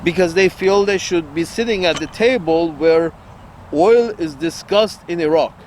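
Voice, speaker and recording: A man talks in a slow, unhurried drawl, with a voice sitting a little high for a man. He rambles bluntly and crudely, circling back to repeat his points, with faint traffic noise behind him outdoors. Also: a little mellow. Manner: blunt, crude, repeats himself, laughs at own jokes. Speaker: online commentator. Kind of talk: rambling political monologue.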